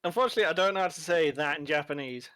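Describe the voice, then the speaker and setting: A man's voice: a little high, expressive, racing, a bit bright, dry recording. An Irish man chatting and joking while streaming a video game, laughing often at his own stories. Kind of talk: casual chat over gameplay.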